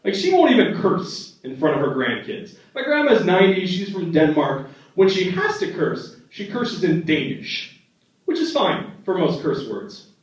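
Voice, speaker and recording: A young man works a comedy club stage with animated storytelling, his fairly high voice jumping around as he slips into quick impressions of family members. The sound is dull and heard from a distance, with heavy room echo around it. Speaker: stand-up comedian. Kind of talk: stand-up comedy set. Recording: echoey, dull club recording from the back.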